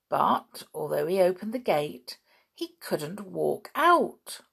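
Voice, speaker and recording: A woman reads a children's storybook aloud, gentle and expressive. Her voice is lowish and gravelly, with a slow, unhurried pace.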